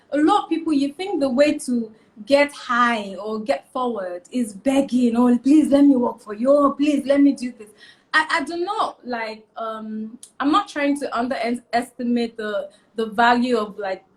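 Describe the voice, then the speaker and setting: A young woman, a fashion stylist giving emphatic advice as a guest in a casual interview. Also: fairly high pitch. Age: young adult. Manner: emphatic, repeats key points, animated.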